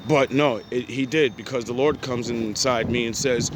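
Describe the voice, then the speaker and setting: A man from New Jersey giving an intense, profane motivational talk in street slang, at times rising to pleading shouts. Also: mid-range voice, fairly even intonation, moderate pace, background noise. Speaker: motivational speaker. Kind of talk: passionate monologue.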